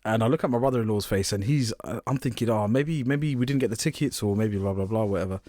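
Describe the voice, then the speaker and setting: A man's voice: on the low side, fast talker, darkish tone, no echo, studio quality. A young man co-hosting a podcast, animatedly retelling a story in casual chat and laughing often. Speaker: podcast co-host.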